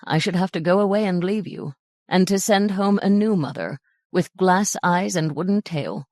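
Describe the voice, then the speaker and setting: A woman reading the part of a gentle, loving young mother, speaking softly and tenderly. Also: fairly low pitch, normal speed, no room sound, clean studio sound, close to an everyday voice. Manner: soft, tender, earnest.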